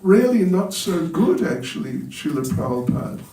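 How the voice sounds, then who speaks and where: Man putting on a keen temple manager pushing a bargain, voice pitched up and pleading, sounding far off in an echoey hall. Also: very animated, normal speed, mellow. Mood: eager pleading. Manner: pleading, persuasive. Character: eager male temple manager bargaining with his teacher. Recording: roomy hall, voice from a distance.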